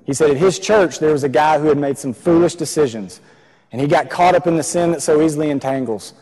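A man's voice: on the high side, a little fast, darkish tone. A man preaching a sermon in a church, earnest, repeating key phrases for emphasis. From Texas. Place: church sanctuary. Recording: long reverb of a church hall.

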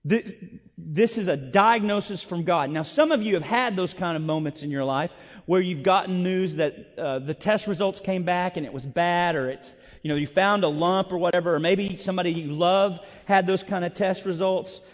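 A man's voice: sits high, moderate pace. A man preaching a sermon as pastor, conversational and self-deprecating, moving between storytelling and scripture reading. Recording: long reverb of a large hall.

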